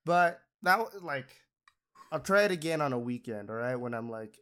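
A man's voice: mid-range voice, lively intonation, moderate pace, a bit bright. A young man hosting a podcast, sick and nasal, rambling loosely and crudely with frequent laughs. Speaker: podcast host. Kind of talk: casual chat.

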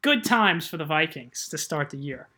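A man co-hosting a casual sports chat, measured and quick to laugh. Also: a little high, lively intonation, pushed and bright, breathy edge. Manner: measured, chatty, laughs easily. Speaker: podcast co-host.

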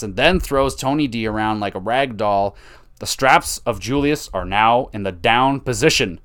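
Young male podcast host, smooth voice, casual profane rambler who spikes into excitement. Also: medium pitch, moderate pace. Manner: rambling, profane, self-mocking, swings from mumbled asides to excited calls. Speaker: podcast host recapping wrestling. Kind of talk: casual solo recap commentary.

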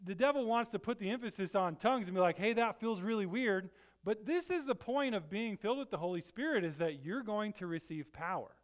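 Preaching briskly and expressively with hardly any pauses, this middle-aged pastor keeps his sermon relaxed and conversational, often tossing in a rhetorical "right?". He has a strikingly high voice for a man and occasionally surges into loud, forceful emphasis.

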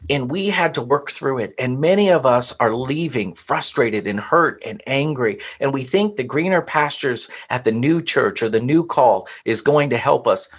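Earnest pastor from Florida telling stories. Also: male voice, medium pitch, animated, moderate pace, few pauses, slightly rough. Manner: earnest, preacherly storytelling. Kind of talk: personal testimony in conversation.

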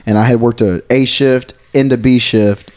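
A man's voice: mid-range voice, steady tone, moderate pace, darkish tone. A young man on a podcast chatting bluntly and casually, cursing freely. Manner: blunt, swears freely in chat. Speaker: podcast co-host. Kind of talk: casual chat.

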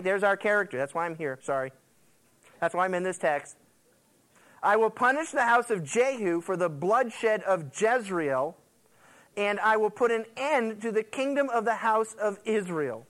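A pastor preaching with plenty of energy. His voice sits high for a man and swings widely up and down as he reads the passage and breaks off into quick asides and jokes. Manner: animated, quips and laughs with the congregation. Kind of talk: sermon.

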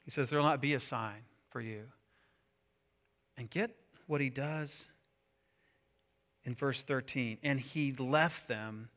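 A middle-aged man preaching a sermon as pastor, animated, swinging from loud emphasis to hushed asides. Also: medium pitch, takes it slowly, long pauses.

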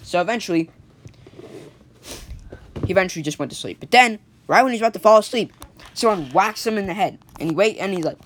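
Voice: medium pitch, expressive, fast talker, a bit bright, a little hiss or hum. A storyteller telling an improvised story in a casual, rambling way, full of fillers and restarts.

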